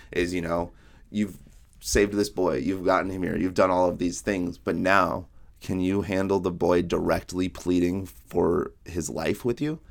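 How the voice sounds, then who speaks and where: Low gravelly man chatting casually. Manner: retells scenes with quick character quotes, rambling. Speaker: podcast co-host. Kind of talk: casual book discussion.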